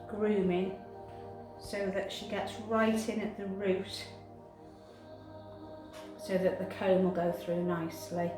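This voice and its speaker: Slow-talking cat groomer woman. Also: medium pitch. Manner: soft, coaxing, chatty. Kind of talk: grooming commentary. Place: grooming room. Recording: echoey room with music behind.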